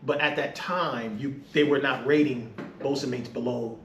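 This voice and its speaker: A man's voice: medium pitch, steady tone, normal speed, muffled recording, slight background noise. A middle-aged man, a retired Navy master chief, telling a story as a podcast guest. He talks casually, laughs often and swears freely. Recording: echoey room.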